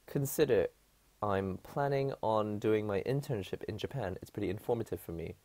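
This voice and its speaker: Low gravelly-voiced man chatting on stream. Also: moderate pace, mellow. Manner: chatty, rambling, laughs often. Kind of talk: casual live-stream chat. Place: his apartment.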